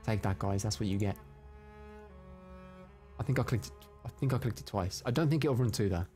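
Excitable man streaming his gameplay. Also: lowish voice, brisk, faint music behind. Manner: excitable, swings into loud frustrated outbursts; chats to viewers and reads out their comments. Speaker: live streamer. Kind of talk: live gameplay commentary.

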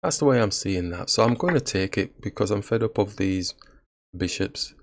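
A man's voice: lowish voice, expressive, moderate pace. A man giving casual commentary on his own chess game, laughing at his own blunders. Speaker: chess streamer.

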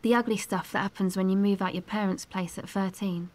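Actress playing a defiant street-tough young woman, blunt, evasive, mid pitch. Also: steady tone, fairly quick, darkish tone, natural voice. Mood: guarded. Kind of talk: game dialogue.

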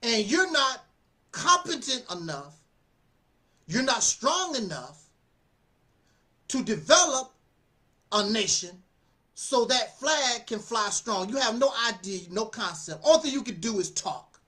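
As a channel host, this man delivers casual spoken commentary in an animated, preachy way, laughing often and repeating phrases. His voice is very high-pitched, and he speaks slowly with long pauses.

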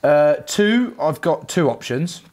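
A man's voice: a little high, big pitch swings, slow, a little mellow. A man in his thirties, a rugby player guest, bantering bluntly and jokily on a podcast with plenty of swearing.

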